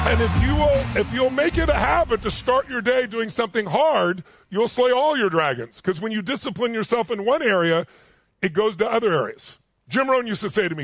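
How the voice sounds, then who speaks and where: A man delivers a motivational seminar speech, telling stories with emphatic, animated energy. His voice sits high for a man. The sound is dry and close. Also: a little fast, vocal fry, no room sound. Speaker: motivational speaker. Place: stage before a live audience.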